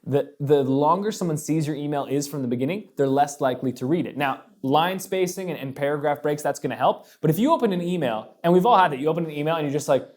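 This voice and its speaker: A man's voice: fairly high pitch, lively intonation, fast talker, hardly any pauses, darkish tone. A young adult man hosting a casual advice talk, upbeat and joking as he lists tips with emphasis. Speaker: host.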